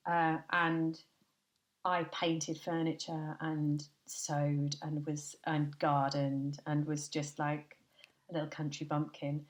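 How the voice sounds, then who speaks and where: A woman guest on a podcast, telling lively anecdotes in a chatty way and laughing often. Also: deep voice, slow, roomy sound. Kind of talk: chatty storytelling.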